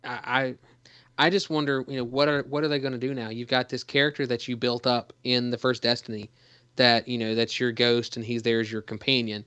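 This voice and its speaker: Man, podcast co-host, rambling casual chat, lots of fillers, bright tone, dry close mic. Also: medium pitch, level tone, brisk, clean tone, dry recording. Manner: rambling with many fillers and restarts.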